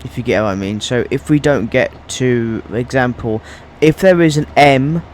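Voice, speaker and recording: A man's voice: medium pitch, moderate pace, slight background noise. A man giving casual gameplay commentary as a YouTuber, often restarting his sentences and wandering into asides. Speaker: gaming YouTuber.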